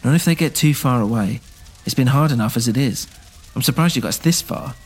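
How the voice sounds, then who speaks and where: A man's voice: medium pitch, brisk, husky, lightly acted. A man voicing a stern, pragmatic male party leader who argues firmly and insistently in a scripted audio drama. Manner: firm, insistent, clipped reasoning.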